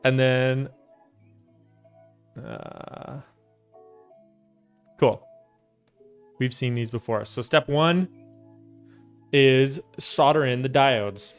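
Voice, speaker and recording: Building a keyboard on stream, a young man from the United States chats casually with viewers, reading and answering their messages in a relaxed way. His medium-pitched voice is clean, with drawn-out words and frequent pauses, and faint music plays behind him.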